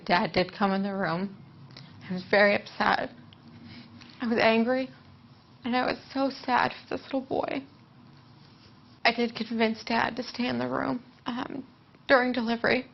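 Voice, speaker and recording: A woman telling her own story as a former surrogate, emotional and halting at times. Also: on the high side, gravelly. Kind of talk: personal testimony. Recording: dull muffled audio.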